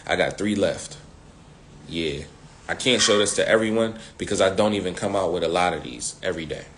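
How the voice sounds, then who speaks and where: Male sales coach, lowish voice, animated slangy delivery, repeats catchphrases, faint noise. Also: fast. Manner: animated, repeats key phrases, uses slang.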